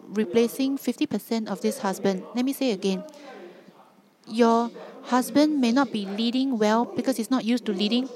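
A woman's voice: fairly high pitch, darkish tone. Earnest woman preaching with emphatic repetition. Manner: earnest, emphatic, repeats phrases for stress. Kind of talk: sermon.

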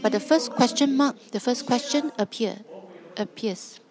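A woman's voice: fairly high pitch, measured pace, crowd noise. A woman preaching a sermon, emphatic and driving points home with repeated rhetorical questions.

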